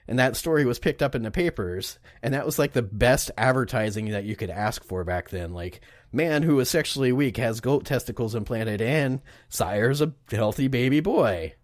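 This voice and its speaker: A man's voice: mid-range voice, no echo, clean studio sound. Laughing, profane man on a podcast. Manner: profane, jokey, laughs often. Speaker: podcast co-host. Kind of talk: casual comedic history chat.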